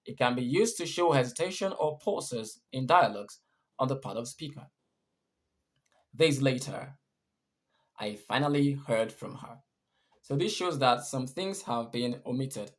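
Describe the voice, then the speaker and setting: A man's voice: medium pitch, lively intonation, unhurried, long pauses. A man teaching English punctuation, patiently repeating and rephrasing each point. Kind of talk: explaining punctuation rules.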